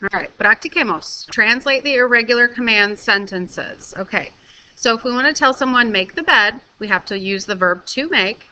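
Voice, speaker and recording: Bright-voiced woman teaching a video lesson. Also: fairly high pitch, moderate pace, rough recording. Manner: clear step-by-step instruction, frequent "okay?" checks. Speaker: Spanish teacher.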